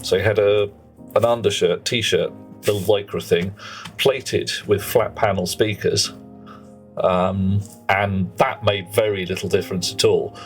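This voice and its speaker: A middle-aged man with a lowish voice rambles through casual live game commentary. He drifts between tangents and mutters to himself as he works, over faint music in the background. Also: fairly even intonation, measured pace. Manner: rambling, chatty, muttering to himself while playing. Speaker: streamer.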